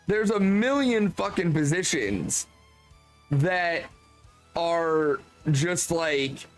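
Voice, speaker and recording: A man with a fairly high voice talks into his streaming mic, ranting in exasperation. He swears freely and fills his sentences with "like." Soft music plays faintly underneath. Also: low-quality recording. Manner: exasperated, profane ranting with many "like" fillers. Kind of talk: casual stream commentary.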